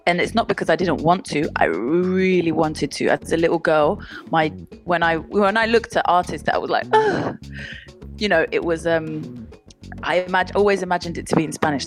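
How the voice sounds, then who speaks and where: A woman musician, a guest on a radio show, talks in a lower voice and a chatty, loose way. She often breaks off mid-thought and laughs, with faint music in the background. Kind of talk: casual interview chat. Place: London, remote call.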